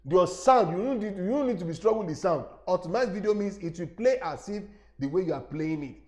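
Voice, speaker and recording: Animated Nigerian man teaching a webinar. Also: on the high side. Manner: animated, repeats himself, addresses listeners directly. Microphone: lapel mic.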